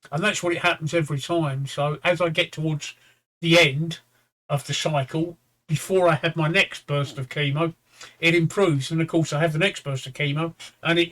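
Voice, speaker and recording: Tired, rambling man, fairly high-pitched. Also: a bit bright. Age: 50s-60s. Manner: rambling, halting, with frequent restarts and swearing. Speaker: livestream co-host. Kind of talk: casual chat.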